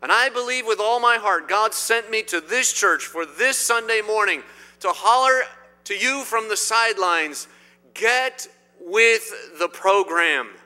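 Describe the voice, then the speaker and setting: Emphatic preacher in an echoing church. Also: male voice, high voice, normal speed. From Indiana. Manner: emphatic, swinging between loud declarations and quiet asides. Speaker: pastor. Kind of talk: sermon. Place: church sanctuary. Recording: long hall reverb.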